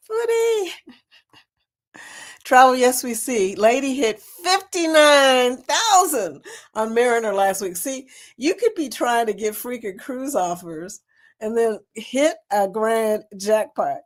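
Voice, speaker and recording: Upbeat woman livestream host, lively pitch, laughs often. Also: slow. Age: older. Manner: bubbly, laughs often, talks to viewers by name. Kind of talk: casual live chat.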